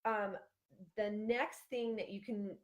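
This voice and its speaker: A woman's voice: mid-range voice, steady tone, takes it slowly, lo-fi sound. A woman in her thirties from Ohio, giving chatty parent-group advice on a livestream, with lots of fillers and restarts. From Ohio, USA. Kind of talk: casual livestream advice talk.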